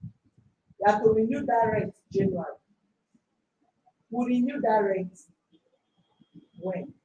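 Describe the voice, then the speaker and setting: A woman's voice: on the high side, expressive, slow, mellow, muffled recording. Stern Nigerian woman mediator, lecturing. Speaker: mediator host. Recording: echoey room heard from a distance.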